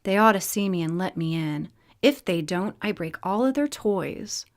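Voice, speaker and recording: A woman's voice: mid-range voice, lively intonation, normal speed, lightly acted. A woman voicing a proud, angry winged male spirit warrior who speaks in terse commands in a storybook reading. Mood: commanding.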